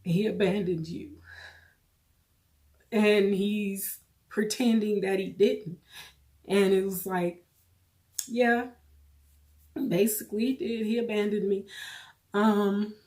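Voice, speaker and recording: A woman vlogger telling a personal story to camera, emotional and halting, holding back tears and repeating her phrases. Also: mid-range voice, fairly even intonation, mellow.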